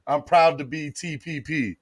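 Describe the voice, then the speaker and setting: A man hosting a casual live sports podcast, excitable and emotional, talking with many fillers and restarts. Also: fairly high pitch, moderate pace, crowd noise. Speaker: podcast host. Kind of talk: casual live-stream chat.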